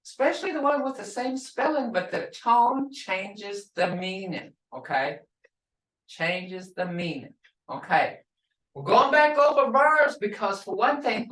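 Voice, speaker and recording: A woman's voice: medium pitch, a bit bright. A woman teaching a language class, patiently repeating words to show how tone changes meaning. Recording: echoey room, voice from far off.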